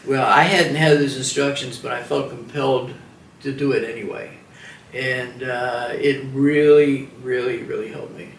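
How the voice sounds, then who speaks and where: A man's voice: medium pitch, steady tone, a little slow, slight background noise. A man in his seventies, a veteran giving an oral history interview, who speaks hesitantly and reflectively with many fillers and restarts. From Washington, DC, United States. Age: 70s. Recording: roomy sound from a distant mic.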